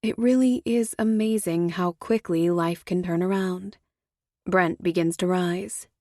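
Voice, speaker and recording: A woman narrating a first-person audiobook thriller in a measured, wry way. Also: lowish voice, steady tone, darkish tone, no room sound, clean studio sound.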